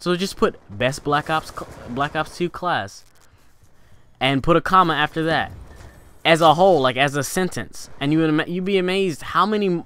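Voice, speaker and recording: This gaming channel host, a young man with a fairly bright tone, rambles through channel tips in casual vlog fashion. Lots of fillers and restarts pepper his talk, and his pitch climbs and dips for emphasis.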